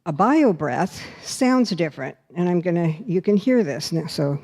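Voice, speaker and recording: A woman's voice: fairly low pitch, animated, normal speed, mellow. A woman minister giving a demonstrative talk that guides a congregation through breathing. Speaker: spiritual center minister.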